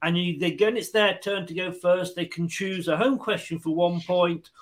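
A man's voice: sits high, fairly even intonation, moderate pace. A man hosting a casual online quiz, joking and laughing as he explains the rules and reads comments. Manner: jokey, chatty, laughs often. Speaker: quiz host.

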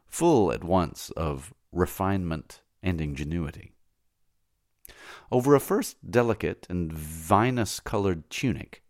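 A man narrating a literary novel as an audiobook, reading slowly and in a measured way that often drops to a hush. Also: low-pitched, no echo, clean studio sound. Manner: slow, measured, often hushed.

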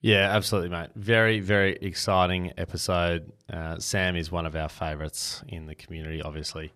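A man's voice: low-pitched, flat delivery, brisk, few pauses, bright, forceful tone, smooth. A man co-hosting a podcast and reading a sponsor spot. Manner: upbeat, promotional. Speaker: podcast co-host.

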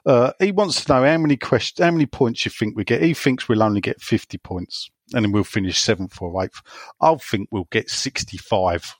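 A man's voice: medium pitch, normal speed, no echo. A man co-hosting a casual football podcast, blunt and mocking in his jokes. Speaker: podcast co-host.

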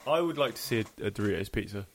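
A man's voice: fairly low pitch, rapid-fire, a little hiss or hum. A man co-hosting a podcast, chatting casually and laughing often. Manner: laughs often, animated and playful. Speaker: podcast co-host. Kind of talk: casual chat.

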